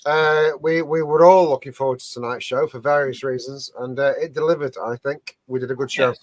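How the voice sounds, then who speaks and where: A man's voice: mid-range voice, steady tone, a little fast, no echo. A man co-hosting a rowdy show among friends, giving a sweary, rambling sign-off full of fillers. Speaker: podcast co-host.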